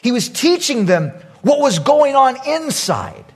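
Animated husky-voiced preacher. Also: male voice, extremely high pitch, a little slow. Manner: animated storytelling, swinging between loud outbursts and hushed asides. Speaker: pastor. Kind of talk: sermon.

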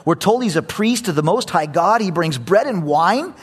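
A man preaching a sermon, telling a story with animated energy and repeating phrases for emphasis. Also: high-pitched, normal speed, husky.

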